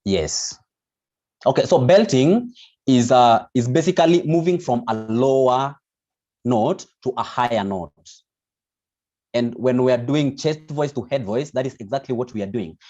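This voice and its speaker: A man's voice: medium pitch, animated, measured pace, darkish tone. A man teaching an online vocal lesson, explaining patiently with many restarts. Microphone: video call. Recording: dull lo-fi video call audio.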